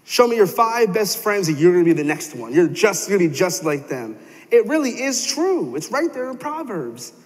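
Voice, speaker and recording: A young man delivers a sermon in a church sanctuary. His voice sits a bit high for a man, and he tells stories animatedly, slipping into the voices of the people he quotes. A long reverb trails each phrase through the hall. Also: big pitch swings, normal speed. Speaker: pastor.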